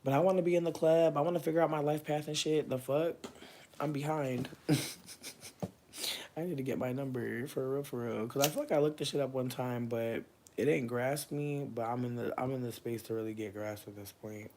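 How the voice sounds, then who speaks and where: Brief: thirties man, livestream host, mid-pitched, casual and profane, volume jumps from hushed to loud. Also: fairly quick, noisy background. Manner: expressive, swinging between loud bursts and low murmurs; profane, slangy, chatty.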